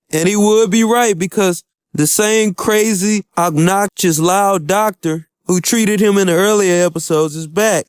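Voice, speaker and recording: A man's voice: sits high, moderate pace, clear, resonant tone, no room sound, studio quality. Upbeat slangy man recapping an anime. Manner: laid-back slangy storytelling, upbeat. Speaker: anime reviewer. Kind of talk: casual episode recap.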